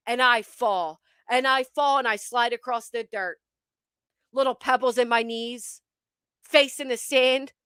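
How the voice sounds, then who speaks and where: A woman hosting her channel, telling a comic story to her live chat with animated, profane delivery and dramatic pauses. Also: on the high side, no echo, clean studio sound. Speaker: channel host.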